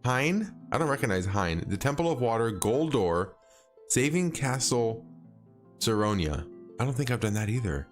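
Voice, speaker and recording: While streaming a game, a man chats casually with viewers, rambling and hesitant, full of fillers, restarts and frequent chuckles. His mid-range voice is very animated at a normal speed, with soft music in the background.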